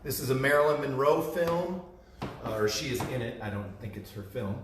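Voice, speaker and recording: A man's voice: mid-range voice, lively intonation, brisk. A man casually giving a live-stream gallery tour, chatty and enthusiastic about the art. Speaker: gallery host. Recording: echoey room with faint noise.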